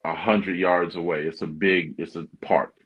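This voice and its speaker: Podcast host guy, husky low voice, laid back slangy storytelling, muffled lo-fi sound. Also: moderate pace. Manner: relaxed, slangy. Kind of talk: casual storytelling. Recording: dull lo-fi sound.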